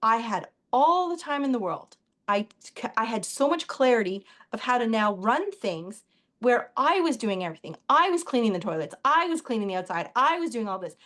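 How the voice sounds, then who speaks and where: A woman guest on an interview show, telling stories in a chatty, animated way. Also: on the high side, normal speed. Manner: animated, chatty, quotes others in dialogue. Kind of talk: casual interview storytelling.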